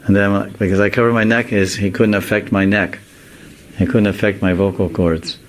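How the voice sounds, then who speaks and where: A man's voice: fairly low pitch, little pitch movement, moderate pace, slight background noise, close to an everyday voice. A man voicing a playful young male god who fakes a girl's voice, coy and mock-innocent.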